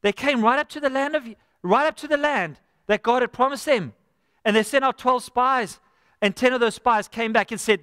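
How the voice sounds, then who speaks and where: A man's voice: very high voice, moderate pace, pushed and bright, clear, resonant tone, clean studio sound. A man preaching a live sermon as pastor, earnest and conversational, often addressing listeners as friend. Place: church sanctuary. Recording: church hall with long reverb.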